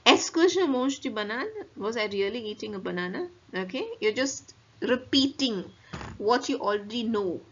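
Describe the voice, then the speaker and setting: A woman French teacher with an Indian English accent, giving a classroom grammar lecture and explaining step by step while repeating example phrases slowly. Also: mid-range voice, a bit bright, breathy edge, highs cut off.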